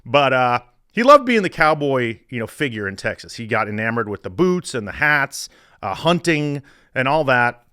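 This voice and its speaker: A middle-aged man hosting a sports podcast, telling stories in a profane, animated way. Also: mid-range voice, normal speed, clean tone, dry recording, clean studio sound. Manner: profane, animated storytelling with laughs. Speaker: podcast host.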